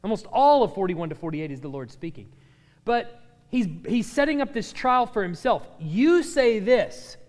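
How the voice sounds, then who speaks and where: A man's voice: high-pitched, very animated, normal speed. A man teaching a Bible class who reads verses dramatically and often repeats words as he restarts. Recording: long hall reverb.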